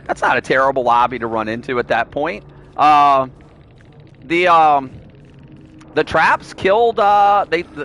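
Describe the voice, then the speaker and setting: Lively, bright-voiced man streaming a game. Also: a little high. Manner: playful, teasing, pleading with players. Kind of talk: live gameplay commentary.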